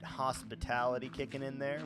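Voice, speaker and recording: A man's voice: mid-range voice, flat delivery, moderate pace. A man with a Midwestern accent chatting casually on a gaming livestream, profane and rambling, laughing at himself. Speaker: streamer.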